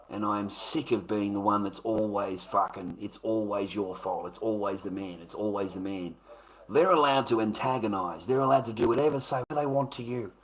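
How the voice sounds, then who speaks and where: Australian male streamer, low-pitched, rambling defensive rant full of swearing. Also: fairly bright tone, rough recording. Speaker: livestreamer. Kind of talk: casual ranting to a live chat.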